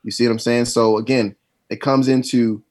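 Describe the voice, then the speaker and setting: A man's voice: mid-range voice, level tone, moderate pace, darkish tone. A man co-hosting a casual podcast chat, talking in an emphatic, insistent way and often repeating himself to drive a point home. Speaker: podcast co-host.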